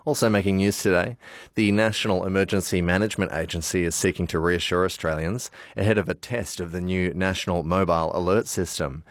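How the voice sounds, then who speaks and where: A man reads a radio news bulletin in a steady, formal way. His voice sits very low. The sound is dry and close to the mic. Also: a little fast, no echo. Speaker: newsreader.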